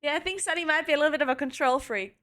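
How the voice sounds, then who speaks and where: A woman's voice: high voice, rapid-fire. A young adult woman streaming casually, chatting with her viewers and cooing at her cats, laughing often. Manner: talks to pets in a soft cooing voice, laughs often.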